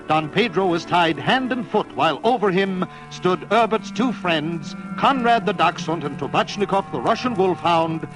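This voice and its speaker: A man's voice: high-pitched, poor audio. Playful man reading a storybook. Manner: playful, dramatic read-aloud. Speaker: narrator. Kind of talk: storybook narration.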